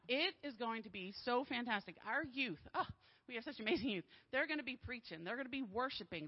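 A woman runs through the week's church announcements with bubbly enthusiasm. Her voice is slightly high, and the recording is dull and lo-fi. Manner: bubbly, enthusiastic, laughs often. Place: church sanctuary.

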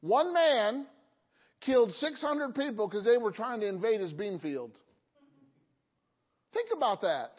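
A woman's voice: a little high, big pitch swings, a little slow, pauses often, breathy edge. A woman preaching a sermon, quizzing the congregation with questions and dropping joking asides. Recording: dull lo-fi hall recording.

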